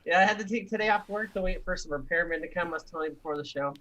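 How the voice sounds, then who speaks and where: Bright, joking man in casual chat. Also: high-pitched, racing, lo-fi sound, a little hiss or hum. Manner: joking and rambling. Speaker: podcast co-host.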